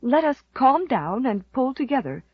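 A woman's voice: a little high, expressive, measured pace, slightly rough, no echo, highs cut off, pitched above the performer's own voice. A woman playing a frantic, stammering housekeeper. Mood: trembling. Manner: anxious, stammering, fretful. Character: frantic devoted middle-aged housekeeper. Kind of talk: audiobook character voice.

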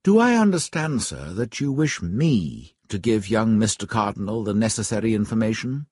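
A man's voice: on the low side, big pitch swings, moderate pace, a little mellow, husky, no room sound, studio quality. A man voicing a formal, dutiful butler who speaks in a stiffly polite way in a storybook reading. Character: formal middle-aged male butler, dutiful.

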